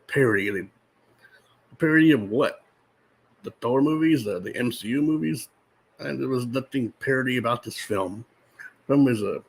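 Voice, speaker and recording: A man's voice: on the low side, slightly rough, rough recording. A man reviewing a movie in a casual vlog, rambling and restarting his sentences, exasperated and incredulous, sometimes talking while eating popcorn.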